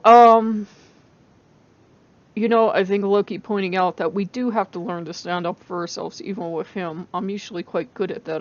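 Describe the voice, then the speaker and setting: A tired woman hosting a casual vlog, rambling with fillers and laughing often. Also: medium pitch. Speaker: channel host. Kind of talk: casual spiritual vlog chat. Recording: dull lo-fi dry recording.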